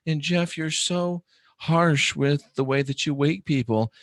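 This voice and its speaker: A middle-aged man hosting a live online talk show, talking bluntly and animatedly, sometimes breaking into loud mock shouts. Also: on the high side, measured pace, no room sound. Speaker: host.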